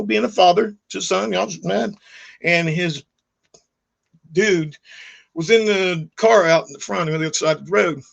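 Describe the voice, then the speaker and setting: A man's voice: a little high, creaky, fairly bright tone. A middle-aged man telling a long personal story on his vlog in a rambling, heated way, full of restarts and fillers. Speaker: YouTube vlogger.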